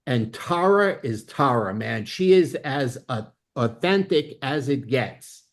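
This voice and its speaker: Leading a network marketing training, a man gives a motivational talk, emphatic and excitable, peppering his lines with "okay?" and breaking into bursts of laughter. His voice is medium-pitched and he takes it slowly.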